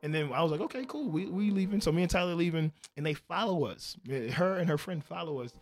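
A man's voice: a little high, fast talker. A man from the Midwest casually telling a rambling story to friends, laughing often and acting out what people said. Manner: laughing through a rambling anecdote, acting out quotes.

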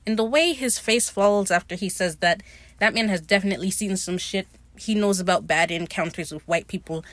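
A woman hosting a podcast, recapping a TV episode in a casual chat. She swears freely and acts out the characters' lines in quick quotes. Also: mid-range voice, no echo. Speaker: podcast host.

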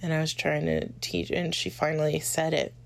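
Low, gravelly-voiced woman recounting memories. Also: big pitch swings, moderate pace. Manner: chatty, many "like" fillers. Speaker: interviewee.

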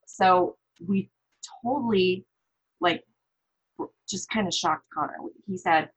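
Speaking slowly in a husky, low-leaning voice, a Midwestern woman appears as a guest on an interview show, with poor audio quality. She's a parent and narrates a story with animation, voicing other people's lines in a lively way.

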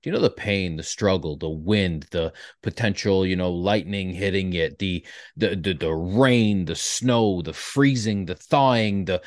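A man with a very low voice hosts a podcast, recorded in a dry space with no room sound. He muses in a casual way, often restarting his phrases as he gathers his thoughts. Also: no echo. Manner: affirming, then reflective with halting restarts. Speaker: podcast host. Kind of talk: casual conversation.

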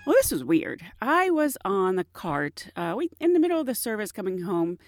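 A woman flight attendant casually telling stories from her flights, acting out passengers and herself in quick bursts. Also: no room sound, studio quality, faint music behind. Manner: animated, mimics passengers in high bursts. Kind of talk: casual storytelling.

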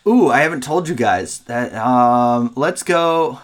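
A man's voice: mid-range voice, lively intonation, slow. A young man hosting a casual podcast, upbeat and a bit rambling. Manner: upbeat, rambling, self-deprecating. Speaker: podcast host. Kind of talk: casual chat.

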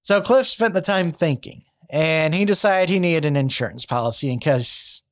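A young man tells a true crime story in a conversational, wry way. His voice sits slightly high for a man. The recording is dry and close to the mic. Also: moderate pace, no room sound. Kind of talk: casual true crime narration.

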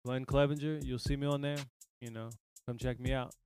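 A man's voice: mid-range voice, steady tone, fairly quick, a little mellow, a little hiss or hum. A man on a podcast as a guest, easygoing and agreeable in casual chat.

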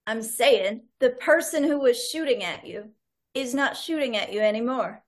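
A woman with a high voice playing her part in a tabletop game. She speaks dryly, with a teasing, sardonic edge. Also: moderate pace. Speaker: player. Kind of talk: in-character tabletop play.

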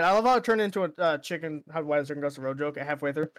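Giggly podcaster, keeps restarting words, medium pitch, dry sound. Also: lively intonation, racing, no echo. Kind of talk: casual chat.

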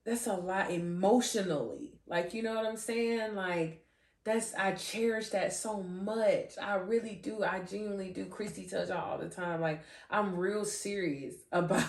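Woman podcast host, low-ish voice, slow and giggly, set back from the mic in an echoey room. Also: distant mic. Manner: animated, giggly, trips over words; restarts and repeats phrases. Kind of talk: faith podcast talk. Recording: roomy echo, voice off-mic.

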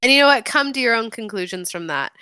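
A woman co-hosting a casual podcast, swearing freely and telling animated stories. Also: a little high, fast talker, clean tone, dry recording. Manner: profane, animated storytelling, acts out quoted voices. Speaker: podcast co-host. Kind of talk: casual chat.

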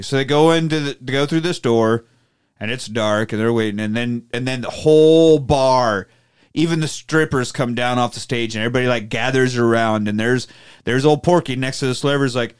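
A man's voice: medium pitch, brisk, smooth. A man casually recapping a movie plot with profanity, acting out the characters' lines as he goes. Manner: profane, animated storytelling with acted-out quotes. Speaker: podcast host.

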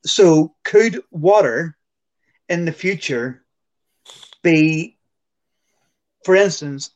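A man's voice: fairly high pitch, expressive, extremely slow, dull audio. A man co-hosting a casual podcast, building up to a question in a storytelling way. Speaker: podcast co-host. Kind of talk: casual chat.

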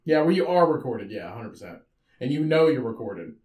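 A man's voice: medium pitch, fairly quick, echoey room. A man co-hosting a podcast, chatting casually and joking, often restarting his sentences. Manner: joking, animated, restarts a lot. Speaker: podcast co-host. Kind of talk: casual chat.

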